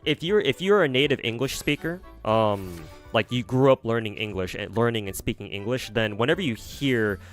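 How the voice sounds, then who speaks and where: A man's voice: mid-range voice, expressive, moderate pace, hardly any pauses, soft background music. A man with an American accent, chatting casually on a livestream and answering viewers in a rambling, hesitant way with frequent restarts and casual swearing. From United States. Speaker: streamer.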